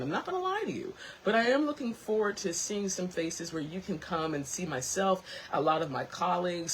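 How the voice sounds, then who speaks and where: Woman, host, casual tea chat, very lively pitch, laughs often, faint background hiss. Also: rough recording. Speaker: host of a tea talk show.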